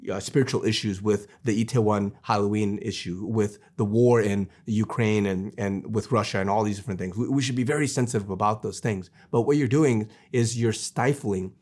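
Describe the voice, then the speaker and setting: A man's voice: fairly low pitch, moderate pace, few pauses, darkish tone. A man giving an earnest Christian video sermon, repeating phrases and restarting sentences as he presses his point. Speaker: Christian preacher. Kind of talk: preachy video monologue.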